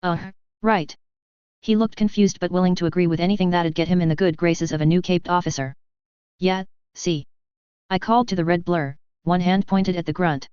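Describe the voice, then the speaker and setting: A woman reading a first-person fan fiction story aloud in a steady narrating voice. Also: on the low side, fast, few pauses, clear, resonant tone, no echo. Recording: dull lo-fi dry recording.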